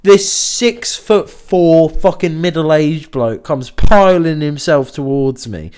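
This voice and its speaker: A young man in a casual podcast chat, telling a sweary, animated story and acting out the people in it. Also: a little high, takes it slowly, smooth. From Liverpool area, England. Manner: sweary, animated anecdote-telling with acted quotes. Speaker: podcast host.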